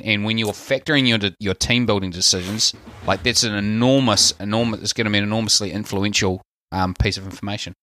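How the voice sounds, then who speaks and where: A man with a New Zealand accent chats casually on a podcast call, weighing his points with a lot of hedging and the odd laugh. His voice is bright and forward, and it sits a little low. The sound is dry, with almost no room in it. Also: no room sound. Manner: thoughtful, hedging, laughs easily. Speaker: podcast guest panelist. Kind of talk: casual analytical chat. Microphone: remote call.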